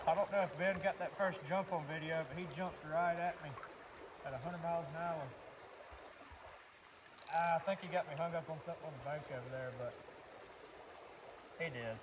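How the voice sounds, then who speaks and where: Out in a stream, a fairly high-voiced man shares easygoing fly fishing pointers, teaching as he casts. Background noise and the loud rush of water fill the recording from a distant outdoor mic.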